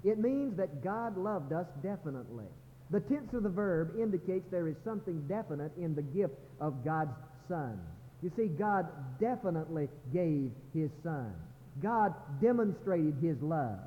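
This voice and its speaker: A man's voice: fairly high pitch, lively intonation, moderate pace, a little hiss or hum. A man preaching a sermon as a pastor, building to impassioned crescendos. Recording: muffled sermon recording in a reverberant sanctuary.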